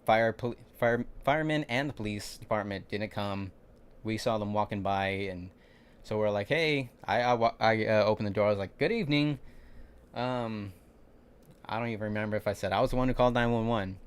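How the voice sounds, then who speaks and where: A young man with a fairly low voice talks casually through a livestream, retelling a chaotic night at work. He rambles, restarts sentences and acts out the quotes of the people around him. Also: brisk, clean tone. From California. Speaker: vlogger recounting a work shift.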